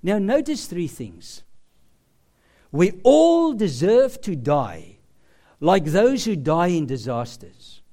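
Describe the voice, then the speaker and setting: A man preaching a sermon, slow and emphatic, with dramatic pauses. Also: high-pitched, very animated, dark tone.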